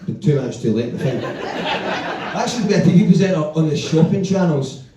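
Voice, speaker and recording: A man's voice: fairly high pitch, expressive, fast, a crowd in the background. A Glaswegian man performing a stand-up routine on a comedy club stage, with punchy, sweary, self-mocking storytelling. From Glasgow. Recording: echoey live club, distant mic, audience laughter.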